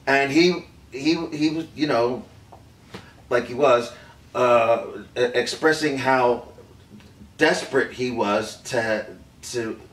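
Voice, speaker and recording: An actor playing an aging male film director recounting a secret meeting, speaking in a halting, hesitant way full of pauses and fillers. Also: mid-range voice, a bit bright. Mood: rambling. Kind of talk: improvised mockumentary acting. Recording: roomy sound, mic at a distance.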